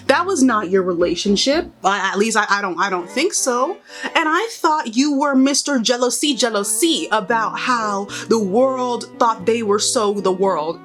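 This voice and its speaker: A woman's voice: fairly high pitch, a bit bright. Opinionated young woman, rambling commentary. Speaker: beauty and pop culture vlogger. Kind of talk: casual chat while doing makeup.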